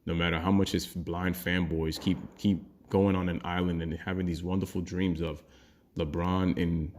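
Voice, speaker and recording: A man with a very low voice delivers an opinionated sports rant for his own channel. He talks bluntly and heatedly, swearing freely as he argues his point. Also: a little mellow. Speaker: sports commentary YouTuber.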